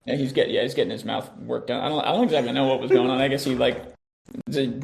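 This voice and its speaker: A man's voice: medium pitch, fast, gravelly, a little mellow. A man hosting a casual live voice-chat update for his studio's community, laid-back and slangy, drifting through fillers and restarts. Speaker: host of a studio community call.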